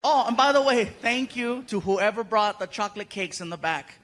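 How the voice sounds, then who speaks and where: A man talking to his stand-up audience, giving loud, friendly shout-outs. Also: high-pitched, lively intonation, normal speed. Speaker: comedian. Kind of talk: stand-up crowd talk. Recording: live crowd and room noise.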